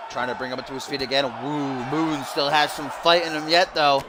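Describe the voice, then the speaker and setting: A young man doing mock play-by-play commentary over a wrestling video game, bursting into shouts at big moves. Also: a little high, level tone, fairly quick, few pauses. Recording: loud game crowd and noise behind. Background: loud arena crowd and game sounds.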